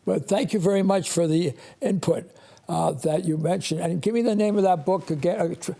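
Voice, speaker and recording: His voice sits high, gravelly and warm: a priest in his eighties hosting a call-in show. He tells rambling, halting stories punctuated by restarts and chuckles.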